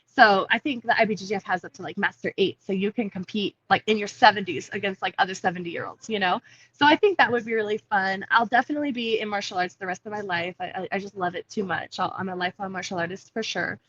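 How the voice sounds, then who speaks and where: A woman in her thirties talks casually over a video call from a coffee shop. Her voice is bright and forward, and the call audio comes through a little dull. She is chatty and laughs easily. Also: medium pitch, fast talker, husky. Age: 30s. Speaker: MMA fighter guest. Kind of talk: casual interview.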